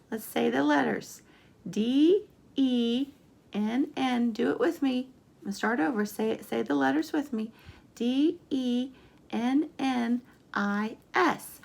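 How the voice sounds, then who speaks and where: Woman teacher, high voice, gravelly fry, slow patient sing-song lesson for little kids. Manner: slow, patient, sing-song prompting, spelling letters aloud. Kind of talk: remote lesson for young children.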